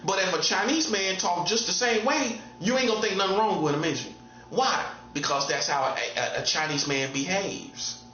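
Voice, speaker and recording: A man's voice: sits high, normal speed, sharp tone, echoey room, dull audio, slight background noise. A man giving a casual preaching monologue as a self-styled prophet, repeating himself and hammering points home with rhetorical questions.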